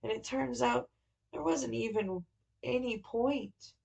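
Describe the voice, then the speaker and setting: A woman's voice: a little high, slow pace, creaky, darkish tone, heavily acted, low-quality recording. A woman reading a novel aloud, voicing a tired young woman lodger who is weary and mildly reproachful.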